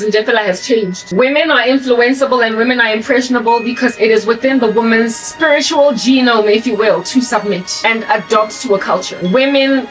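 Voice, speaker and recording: A woman's voice: fairly high pitch, distant mic, low-quality recording. A South African woman whose accent has picked up an American tinge, talking in a rambling, emphatic monologue that repeats and restarts phrases. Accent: South African with American influence. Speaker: channel host. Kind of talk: casual monologue.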